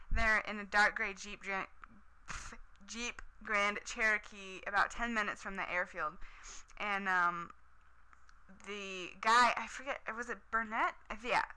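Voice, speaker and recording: A woman's voice: mid-range voice, sharp tone, clear, resonant tone, low-quality recording. A woman casually recapping a TV episode, chatty and enthusiastic, with lots of "um" and "like".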